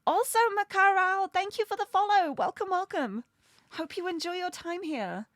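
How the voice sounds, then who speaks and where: A woman's voice: extremely high pitch, moderate pace, fairly bright tone, dry recording, clean studio sound. A bubbly, giggly woman chatting casually while she plays a video game live. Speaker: streamer.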